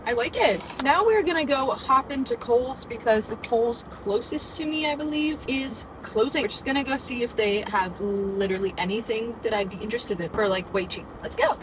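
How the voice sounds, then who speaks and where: A young woman in her twenties chatting casually to her phone camera for a vlog, bubbly and full of quick asides. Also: high voice. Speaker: vlogger. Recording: phone vlog with clear background noise.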